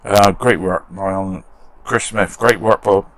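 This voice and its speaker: Low gravelly british bloke rambling in his shed, bit self-mocking. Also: fairly even intonation, unhurried, fairly bright tone, no room sound. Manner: chatty and self-deprecating, laughing at himself. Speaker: model restoration channel host. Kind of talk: casual chat to camera, reading comments. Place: garden shed workshop.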